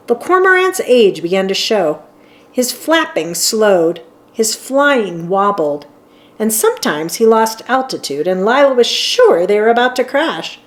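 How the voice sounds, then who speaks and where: Slow, lively storybook narrator woman. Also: on the high side. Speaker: children's book reader. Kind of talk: storybook read-aloud narration.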